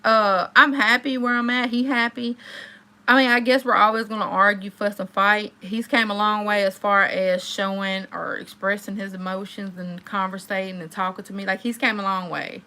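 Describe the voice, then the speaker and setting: A woman in her thirties chatting to live viewers, telling a story in a lively, animated way and talking straight to her audience. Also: mid-range voice, moderate pace. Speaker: live-stream host.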